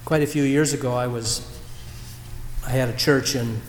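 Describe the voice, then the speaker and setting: A man preaching a sermon as a pastor, telling a story in a reflective way with pauses and restarts. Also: medium pitch, fairly even intonation, a little hiss or hum. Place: church sanctuary. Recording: roomy church hall echo.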